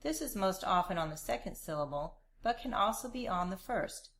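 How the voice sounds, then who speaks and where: A woman narrating a scripted language lesson, explaining grammar in a clear, measured way. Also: medium pitch, animated, fairly bright tone. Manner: clear, measured instructional delivery. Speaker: language teacher.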